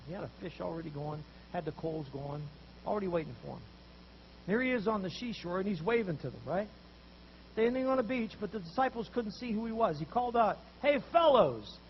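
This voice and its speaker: Male pastor, high voice with gravel, animated storyteller, faint hiss on a muffled recording. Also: brisk. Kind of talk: sermon.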